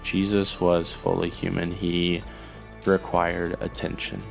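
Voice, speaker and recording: Deep, gravelly man hosting a podcast. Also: completely flat delivery, slow pace, over music. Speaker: podcast co-host. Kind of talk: casual faith conversation.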